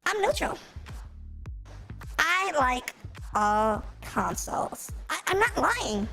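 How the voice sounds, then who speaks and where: A man's voice: extremely high pitch, sing-song, slow pace, gravelly, over music, voice pushed up, full character voice. A man doing a mocking impression of a whiny online gamer troll who pretends to be neutral. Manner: mocking, sing-song caricature.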